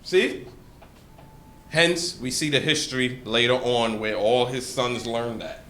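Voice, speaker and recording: A man giving animated, conversational scripture commentary, dropping into slang and asides. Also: medium pitch, slow. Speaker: bible study teacher. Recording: echoey room with faint noise.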